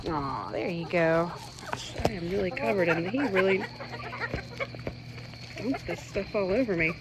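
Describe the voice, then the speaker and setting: A woman who runs an animal rescue coos affectionate baby talk to her pet rooster in a mid-range, expressive voice, a little slow with some vocal fry. Chickens cluck in the noisy background.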